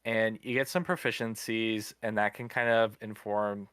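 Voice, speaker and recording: Clear, smooth man explaining game rules. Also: lowish voice, moderate pace, no room sound. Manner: steady, explanatory, walks through steps. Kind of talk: casual explanation.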